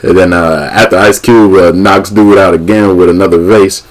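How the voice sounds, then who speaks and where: A young man vlogging a casual movie recap, an animated storyteller who keeps laughing and acting out the scenes. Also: sits low, moderate pace. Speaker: YouTube vlogger.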